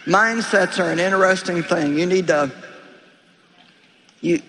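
Her voice is fairly low and a little slow, and the recording is very noisy, with live hall reverb and crowd sound. Before a live congregation in a large hall, this woman preaches emphatically, exhorting her listeners and speaking straight to them.

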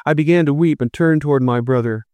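Smooth-voiced male story narrator. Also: on the high side, quick pace, a little mellow, dry recording. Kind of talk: first-person story narration.

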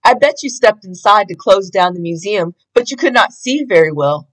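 A woman reading a storybook aloud, voicing a clever, calm young woman sleuth who talks in a brisk, matter-of-fact way. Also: mid-range voice, close to an everyday voice, rough recording.

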